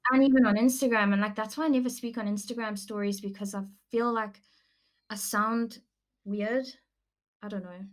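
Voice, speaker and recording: A young woman with a South African accent, co-hosting a podcast in casual, animated chat. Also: medium pitch, normal speed. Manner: chatty, animated, laughs often. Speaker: podcast co-host.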